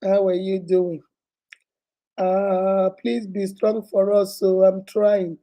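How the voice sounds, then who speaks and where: A woman's voice: medium pitch, monotone, slow pace, mellow. A woman hosting a casual livestream, sick with a cold and coughing, greeting her viewers one by one by name. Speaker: livestream host.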